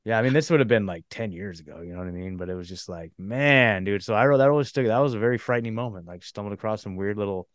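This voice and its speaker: A man's voice: on the low side, fast, hardly any pauses, dry recording, clean studio sound. A man hosting a podcast, telling a story casually with lots of fillers and restarts. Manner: rambling, many fillers and restarts. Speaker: podcast host.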